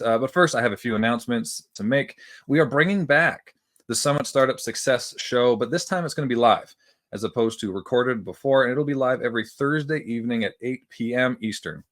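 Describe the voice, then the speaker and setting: A man's voice: mid-range voice, expressive, brisk, a bit bright. A man hosting a podcast interview, talking in an upbeat, enthusiastic way and making a self-mocking aside. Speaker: podcast host.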